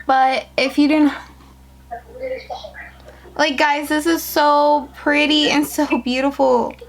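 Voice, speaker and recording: Gushing high-voiced young woman vlogger. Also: slow pace. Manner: gushing and excitable, jumping into high squeals. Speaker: beauty vlogger starting a business. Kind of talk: casual unboxing vlog. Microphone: phone camera.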